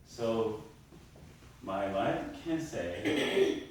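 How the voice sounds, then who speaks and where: A man's voice: medium pitch, animated, slow, very noisy. A man giving a university lecture to a class. He repeats his points for emphasis and keeps checking in with the students. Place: lecture room. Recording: very echoey room, mic far off.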